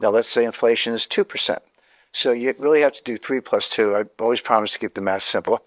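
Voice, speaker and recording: A man's voice: mid-range voice, fast talker, no echo. A man, a guest in an interview, explaining economics emphatically, repeating key points and often restarting sentences.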